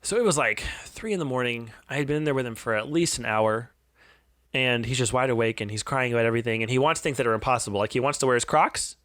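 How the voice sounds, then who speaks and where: A man in his thirties tells a personal story in an earnest, confessional way. He often restarts his sentences and turns soft and quiet in the tender parts. His voice is mid-pitched and sounds dry and close on the mic. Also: fast talker, no echo. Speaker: podcast co-host.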